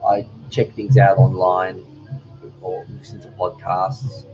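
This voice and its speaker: A soft-spoken man, chatting casually as a host reading viewer comments on a live stream. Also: low-pitched, highs cut off, music in the background. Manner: relaxed, rambling, with pauses. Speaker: cooking channel host.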